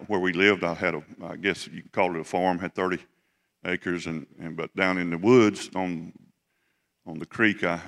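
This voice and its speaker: A middle-aged man preaching, telling a personal story in a folksy, halting way with many restarts. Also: sits low, fairly bright tone. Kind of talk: sermon storytelling.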